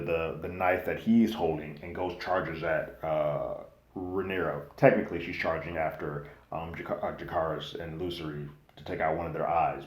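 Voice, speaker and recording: A man hosting a casual, slangy TV recap and review, animated and loosely acting out what characters say. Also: deep voice. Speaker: TV recap host. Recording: echoey room.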